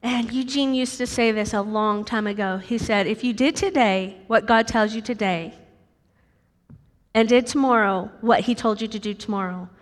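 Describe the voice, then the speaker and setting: Middle-aged American woman preacher, high voice, animated sermon delivery, church hall reverb. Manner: animated, acts out voices with sudden high squeaks.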